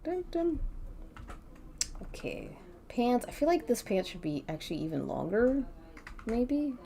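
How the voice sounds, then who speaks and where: A woman's voice: a little high, big pitch swings, normal speed, vocal fry, dark tone. A woman streamer chatting casually while she draws, rambling, swearing offhandedly, giggling and humming to herself. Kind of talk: casual live-stream chat while drawing. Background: faint background music.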